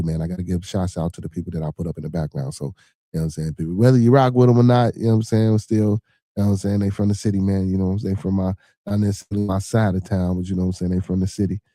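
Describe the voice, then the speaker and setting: Male podcast host, low mellow voice, loose and profane, constant fillers, dry close mic. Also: no room sound. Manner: rambling, profane, full of shout-outs and fillers. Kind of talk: casual livestream chat.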